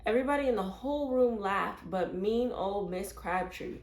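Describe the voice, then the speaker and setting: A woman reads a children's chapter book aloud in a clear, measured way. Her voice sits in a middle range. The recording has a noticeably echoey room sound. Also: mid-range voice. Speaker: read-aloud storyteller.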